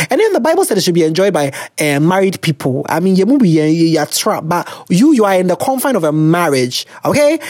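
Woman, podcast host, frank, playful, lively voice, dry sound. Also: fairly low pitch, dry recording. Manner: frank and playful, with many fillers and exclamations. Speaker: podcast host answering listener questions. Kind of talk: casual advice chat.

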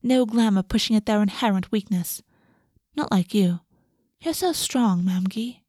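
A woman's voice: mid-range voice, lively intonation, a little slow, dark tone, no echo, studio quality. A woman reading a storybook and voicing a young fae girl who is sweet on the surface and cruel underneath, dreamy and eager with a contemptuous edge.

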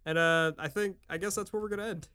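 A man's voice: sits high, steady tone, fast talker, pushed and bright, clean tone. A man co-hosting a podcast, chatting casually and easygoing, laughing along and wrapping up the show. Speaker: podcast co-host. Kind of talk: casual chat and podcast sign-off.

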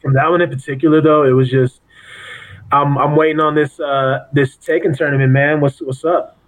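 A man's voice: a little high, flat delivery, normal speed, low-quality recording. A man co-hosting a podcast, chatting casually and teasing his partner with jokes and silly voices. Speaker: podcast co-host. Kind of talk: casual banter.

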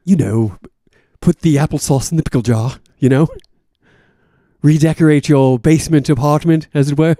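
A pompous older escapee speaks in prim, overly refined phrases with icy courtesy, as a man voices him. The tone is high and mellow, recorded close and dry. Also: normal speed, no echo, lightly acted. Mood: prissy, cold. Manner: fussy, over-refined phrasing.

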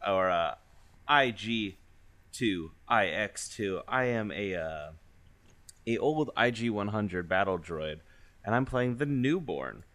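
A man's voice: on the low side, expressive, slow pace, fairly bright tone. A man playing a tabletop game, talking hesitantly and jokingly in casual chat. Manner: hesitant, jokey, with frequent laughter.

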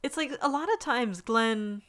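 A woman's voice: a little high, a little slow, fairly bright tone. A woman co-hosting a casual podcast, recapping a TV episode in an easygoing, giggly way. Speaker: podcast co-host. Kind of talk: casual chat recapping a TV show.

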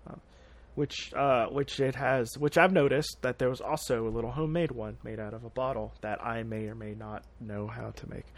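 A man's voice: medium pitch, steady tone, moderate pace, few pauses. A young man from Kentucky with a light Southern accent, chatting casually and rambling with lots of fillers and restarts. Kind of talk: casual podcast chat.

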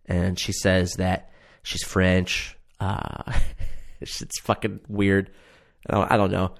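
A man's voice: deep voice, little pitch movement, slow, creaky. A man casually ranting about a reality show he watched, profane, sarcastic and exasperated. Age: adult. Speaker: show reviewer.

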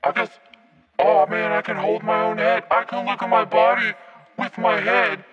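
A man voicing a devoted, overeager male demon servant who gushes and bursts into shouts. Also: sits high, moderate pace. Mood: gushing. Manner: gushing, fawning, bursts into shouts. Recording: muffled phone recording.

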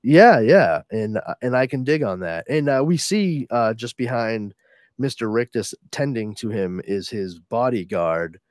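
A man's voice: medium pitch, unhurried, no room sound, clean studio sound. A man casually recapping a comic book with a co-host, laughing often and acting out the characters' lines. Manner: laughing, animated retelling with acted-out quotes.

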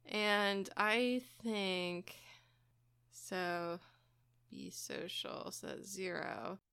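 Slow, hesitant woman with a gravelly voice. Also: medium pitch, steady tone, fairly bright tone, no room sound, clean studio sound. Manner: slow, hesitant with many fillers. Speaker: tabletop game player. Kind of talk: casual tabletop role-play.

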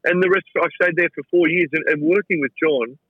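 Chatty Australian chef on a tinny line. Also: male voice, fairly high pitch, fairly quick, breathy edge, no room sound. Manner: chatty, stumbling repetitions of words. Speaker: chef and restaurateur, interview guest. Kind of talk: casual anecdotal storytelling.

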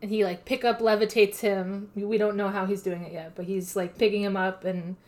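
A woman co-hosting a casual podcast, recapping episodes in a playful, deadpan way with lots of "like". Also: mid-range voice, brisk. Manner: playful, deadpan summarizing with frequent "like". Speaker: podcast co-host. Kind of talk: casual anime recap chat.

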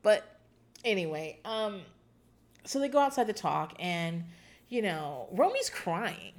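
A woman's voice: medium pitch, very animated, slow, a little hiss or hum. Foul-mouthed rambling woman recapping. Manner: profane, rambling, chatty, often laughing. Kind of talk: casual recap chat.

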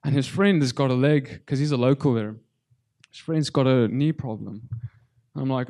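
A man preaching a personal testimony sermon to a congregation, halting and repeating words as he speaks, his voice tearful. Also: medium pitch, warm tone.

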